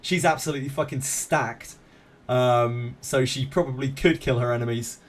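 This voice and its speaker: A man's voice: medium pitch, moderate pace. A man streaming a game live, chatting casually with viewers in a laid-back, self-mocking way and swearing freely.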